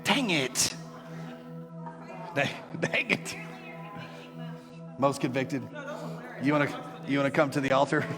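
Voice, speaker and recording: A middle-aged man preaching a sermon as pastor, animated and joking with playful asides to his congregation. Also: mid-range voice, slow pace, pauses often, in a large hall, music in the background. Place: church sanctuary.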